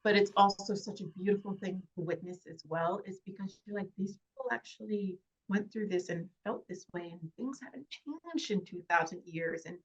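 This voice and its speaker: A woman, an actress, talking in an interview in a heartfelt, halting way with many fillers and restarts. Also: medium pitch, breathy edge, lo-fi sound. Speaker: actress guest. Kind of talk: casual interview chat.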